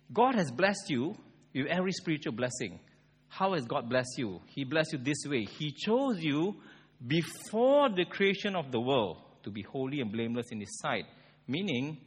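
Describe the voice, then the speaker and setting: A man preaching a sermon, conversational and animated, asking the congregation rhetorical questions. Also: on the high side, moderate pace, slightly rough. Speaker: pastor. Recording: long hall reverb.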